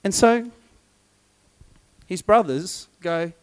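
A man preaches in an animated, storytelling way and slips into voices for the people in his tale. His voice sits a little high for a man. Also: extremely slow, clear, resonant tone. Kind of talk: sermon.

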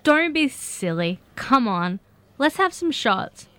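A woman's voice: high-pitched, big pitch swings, slow pace, clean tone, no room sound, heavily acted. A woman playing a brash, boozy friend. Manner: pushy, flirty, loud. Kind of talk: comedy audio drama.

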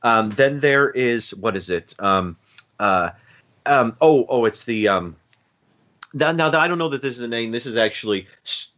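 A man's voice: mid-range voice, a little slow, muffled recording. A man co-hosting a podcast, chatting casually about a TV movie, rambling with restarts and fillers. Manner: rambling, lots of restarts and fillers, animated retellings. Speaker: podcast co-host. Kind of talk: casual chat reviewing a TV movie.

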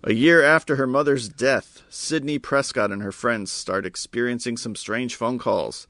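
A man co-hosting a casual podcast, upbeat and quick to laugh. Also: medium pitch, a bit bright, no room sound. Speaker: podcast co-host.

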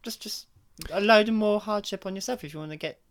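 A man's voice: high voice, fast talker, a loud crowd. A man in a casual chat who talks in a playful, giggly way.

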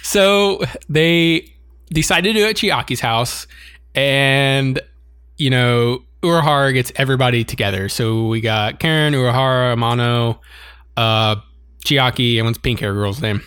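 A man in a casual co-hosted chat, retelling an anime episode with lively delivery and frequent laughter. His voice sits at an ordinary middle pitch. The sound is dry and close, with almost no room around it. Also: measured pace, clear, resonant tone, no room sound. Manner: animated, laughs often while recounting scenes. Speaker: podcast co-host.

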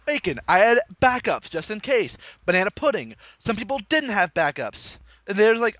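Young man, high bright voice, animated storyteller who laughs often. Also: normal speed, hardly any pauses, dry recording, dull audio. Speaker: new call center employee. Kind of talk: casual chat.

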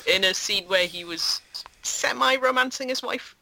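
A man in a casual film discussion, making wry, quick quips. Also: extremely high pitch, gravelly, pushed and bright.

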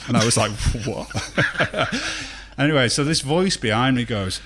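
A man's voice: medium pitch, moderate pace. A man hosting a podcast, telling a chatty anecdote in casual conversation. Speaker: podcast host. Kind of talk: casual chat.

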